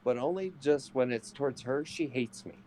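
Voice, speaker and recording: A man's voice: mid-range voice, normal speed, mellow, slight background noise. A man chatting casually, telling wry, sarcastic anecdotes about his girlfriend. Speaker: streamer's boyfriend. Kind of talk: casual storytelling chat.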